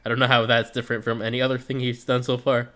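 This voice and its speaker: Podcast co-host, man, laid-back recap voice, curses casually, mid-pitch. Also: level tone, fast talker, a bit bright. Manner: laid-back, swears freely, trails off.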